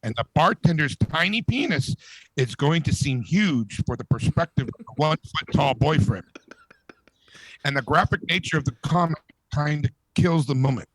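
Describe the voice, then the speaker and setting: Male podcast co-host, fairly high voice, reads a joke with animated flair, dry close mic. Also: normal speed, husky, no echo, low-quality recording. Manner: animated storytelling, laughing at own joke. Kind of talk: reading a long joke aloud, casual chat.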